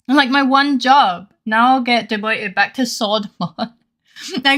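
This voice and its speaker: A woman's voice: on the high side, measured pace, sharp tone. A woman streamer in casual live-stream chat, giggly and chatty and swearing freely.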